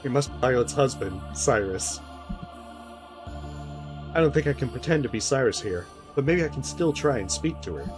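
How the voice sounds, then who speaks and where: A woman's voice: a bass voice, expressive, normal speed, pauses often. A woman streamer giving casual commentary while playing a story game, joking and acting out the characters in asides. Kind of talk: casual let's-play commentary. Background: game music.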